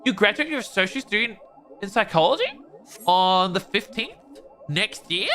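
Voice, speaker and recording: A man's voice: high voice, sing-song, normal speed. A man streaming a game, chatting playfully with viewers as he plays. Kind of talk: casual game stream chat.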